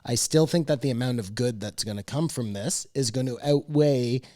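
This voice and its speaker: A man co-hosting a podcast in casual chat, arguing his points with halting restarts. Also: mid-range voice, warm tone, no room sound. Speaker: podcast co-host.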